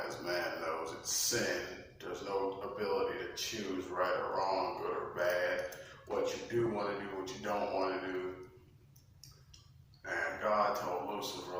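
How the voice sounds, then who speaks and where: A man giving a religious monologue in a slow, emphatic, preachy manner. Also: low voice, a bit bright, a little hiss or hum. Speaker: religious speaker. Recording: echoey room, mic far off.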